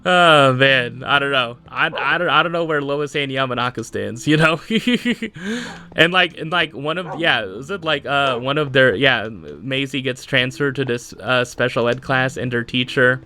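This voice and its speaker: Podcast host, man, bright and forceful voice, loose rambling solo chat full of fillers. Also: medium pitch, unhurried. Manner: rambling, many fillers, frequent laughs.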